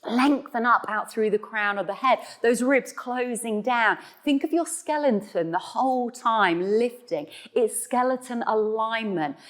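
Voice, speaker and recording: A woman's voice: a little high, unhurried, few pauses. A woman teaching an online Pilates class, cueing breath and counting reps with encouraging, chatty explanations. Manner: playful asides to viewers. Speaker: Pilates instructor. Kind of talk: guided online exercise class.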